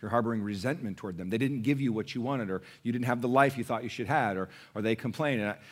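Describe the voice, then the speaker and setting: At church, a middle-aged man delivers a sermon as pastor, talking fast in a mid-range voice. He invites the congregation to respond and alternates hushed asides with booming proclamations.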